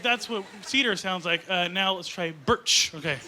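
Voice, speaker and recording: A man from Canada doing a stand-up comedy set, talking fast and bursting into squeaky bits. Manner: excitable, jumps into high squeaky bits. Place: comedy club stage before a laughing crowd. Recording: loud audience laughter and stage noise.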